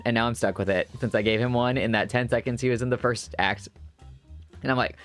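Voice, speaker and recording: A man's voice: medium pitch, a little fast, faint music behind. A male VTuber streamer chatting casually and laughing often with his viewers. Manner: giggly, chatty. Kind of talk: casual chat while playing.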